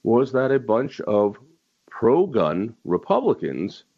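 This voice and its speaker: A man's voice: mid-range voice, very animated, slow, highs cut off. A man hosting a talk radio show, delivering a heated political monologue and stressing key words by repeating them.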